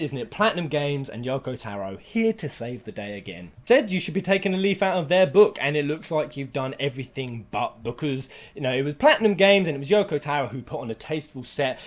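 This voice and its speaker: A man in full rant mode, swearing freely as his fury builds. His voice sits a bit high for a man and swings widely in pitch. He flares into near-shouts, then drops back to bitter muttering. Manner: heated and sweary, with bursts of shouting. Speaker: gaming vlogger. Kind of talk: angry rant to camera.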